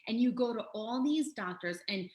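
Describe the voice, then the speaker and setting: A middle-aged woman, a health and life coach, telling her story as a podcast guest in a lively, laughing way. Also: on the high side, normal speed. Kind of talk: casual interview storytelling. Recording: echoey room.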